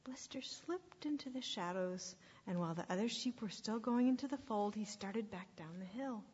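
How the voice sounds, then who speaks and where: A woman reading a story aloud to children at church, expressive and sometimes dropping to a hushed whisper. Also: on the high side, normal speed, breathy edge. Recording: echoey hall, dull lo-fi sound.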